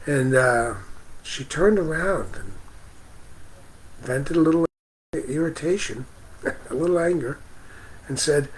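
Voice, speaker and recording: A man hosting a spiritual livestream outdoors, speaking gently and greeting viewers by name. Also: medium pitch, poor audio. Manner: slow, gentle, reads out viewer comments. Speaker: livestream host. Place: outdoors near a parking lot.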